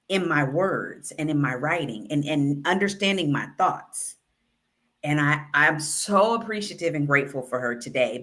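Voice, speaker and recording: A woman who works as a writing consultant and author coach, telling a story in a casual, animated way and acting out the dialogue. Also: sits low. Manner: animated, acts out quoted dialogue.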